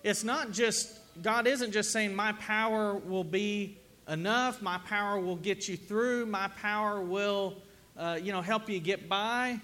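A middle-aged man preaching a sermon in a relaxed, conversational manner. His voice sits fairly high for a man. He often turns to the congregation with questions. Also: measured pace. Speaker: pastor. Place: church sanctuary with congregation.

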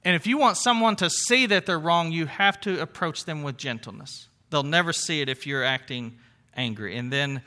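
Pastor, male, high voice, earnest sermon delivery, leans on repetition. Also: moderate pace, pushed and bright. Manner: earnest, repeats phrases for emphasis, reads scripture aloud.

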